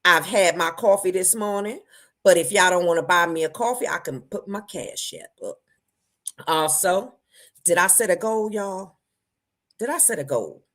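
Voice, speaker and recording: A woman hosting a casual livestream, greeting viewers by name, her voice jumping between loud bursts and low asides. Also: lively intonation, normal speed. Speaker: livestream host.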